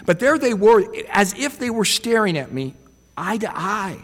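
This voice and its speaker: A man's voice: sits high, very animated, normal speed, a bit bright, long reverb tail. A man preaching a sermon in a reflective way, often putting rhetorical questions to his listeners.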